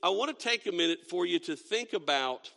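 A middle-aged man preaching a sermon, reading scripture slowly and emphatically, stumbling over restarts. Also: high-pitched, expressive, creaky, bright, forceful tone, in a large hall. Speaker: pastor. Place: church sanctuary.

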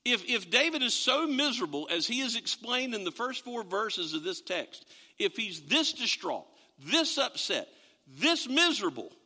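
A man's voice: sits high, sing-song, moderate pace, sharp tone, long reverb tail. A man preaching a sermon, telling a story and stressing the quoted verses with rising emphasis.

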